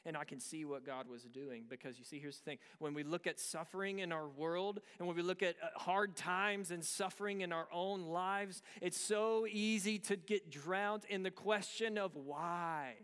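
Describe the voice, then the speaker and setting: A man in his thirties preaching a sermon in a high, smooth, resonant voice. He talks conversationally and tells a story, asking the listeners rhetorical questions. The sound rings with the long reverb of a large hall. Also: normal speed, few pauses, fairly bright tone. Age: 30s. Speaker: pastor.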